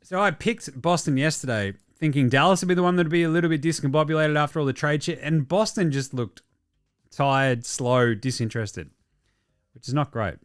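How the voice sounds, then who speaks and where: A man's voice: mid-range voice, smooth. A man, hosting a casual basketball show and ranting about games and trades with plenty of swearing. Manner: fast, sweary, excitable ranting. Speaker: host. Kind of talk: casual sports commentary.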